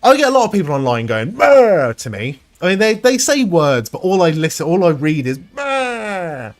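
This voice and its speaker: A man's voice: a little high, sing-song, fast talker, faint music behind. A man hosting a live stream, chatting casually with viewers, rambling and swearing freely. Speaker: livestream host reading chat.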